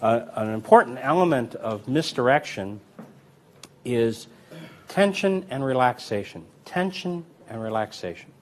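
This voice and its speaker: A man teaching card magic in a relaxed, chatty way, full of fillers and restarts while he demonstrates. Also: medium pitch, measured pace. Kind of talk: demonstrating and explaining card technique.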